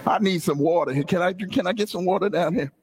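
A man preaching a sermon as pastor to his congregation, calling out to them and climbing from talk into shouted, half-sung lines. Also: sits high, a little fast, slightly rough. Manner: call-and-response, rising to shouts and sung phrases. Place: church sanctuary.

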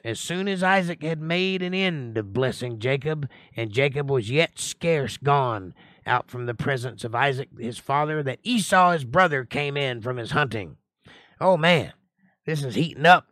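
With a pushed, bright voice and no audible room sound, a man leads a livestreamed Bible study. He reads scripture aloud, interrupting with casual, joking remarks, and gives the characters a rising pitch and a whiny tone.

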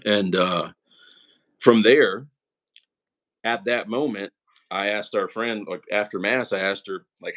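Low-voiced earnest young man. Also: slow, long pauses, a bit bright. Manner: earnest and emotional, peppers speech with "man" and "right?". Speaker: interview guest. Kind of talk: casual conversational testimony.

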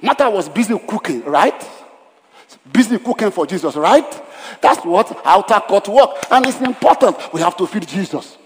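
A man's voice: high voice, expressive, normal speed. A male pastor preaching a dramatic sermon at a church service, repeating lines for emphasis and acting out scenes. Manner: dramatic, acts out Bible scenes in voices; emphatic repetition. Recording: long hall reverb.

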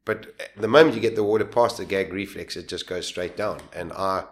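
Casting: man, low voice, soft and halting, telling a personal story as an interview guest. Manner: quiet, halting, repeats words.

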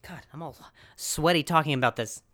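A man hosting a podcast, telling a comic story in an animated, self-deprecating way, laughing often and jumping into high put-on voices for quotes. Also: a little fast, no echo, studio quality. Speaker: podcast host. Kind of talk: comedic storytelling.

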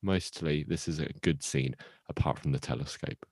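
A man's voice: a bass voice, moderate pace, a little mellow, no room sound. A man co-hosting a podcast, reviewing a TV episode in casual chat with dry, teasing jokes. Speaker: podcast co-host.

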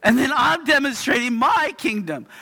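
Male pastor, anecdotal sermon, high voice, long hall reverb. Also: expressive, moderate pace, creaky, bright, forceful tone. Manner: chatty storytelling, keeps asking "right?".

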